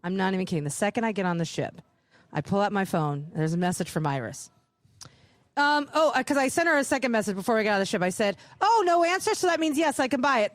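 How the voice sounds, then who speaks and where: On a live podcast show aboard a cruise ship, a woman co-host tells a long, animated story at a quick pace, swearing freely. Her voice is expressive, and she acts out each character's dialogue with big jumps in pitch. The recording has no room sound.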